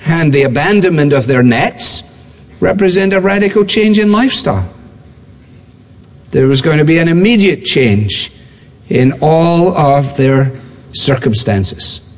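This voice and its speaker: Male preacher, high-pitched and emphatic, recorded in a large church hall with long reverb. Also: lively intonation, measured pace. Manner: emphatic, building repetition, acts out quoted voices. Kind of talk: sermon.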